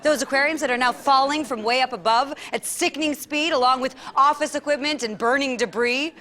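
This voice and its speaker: A woman performing a comic story in a theatrical, animated way, with laughing asides. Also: high voice, a little fast.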